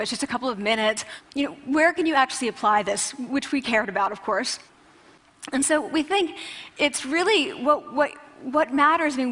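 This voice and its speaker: Woman, public talk, animated, conversational, echoing large hall. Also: fairly high pitch. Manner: animated, conversational with restarts and asides. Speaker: researcher giving a talk. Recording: long hall reverb.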